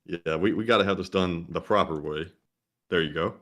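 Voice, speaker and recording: A man's voice: deep voice, brisk, fairly bright tone. A man co-hosting a livestream, casually reading out viewer messages. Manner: casual, reads donor messages aloud. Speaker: co-host reading super chats. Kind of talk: livestream chat.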